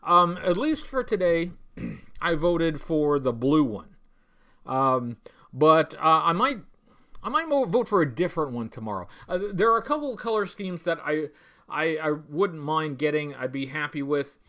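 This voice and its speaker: A man's voice: a little high, animated, sharp tone. A man hosting a live stream, chatting casually and greeting viewers by name, with lots of ums and restarts. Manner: halting, many fillers and restarts. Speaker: toy collecting channel host. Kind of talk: casual livestream chat.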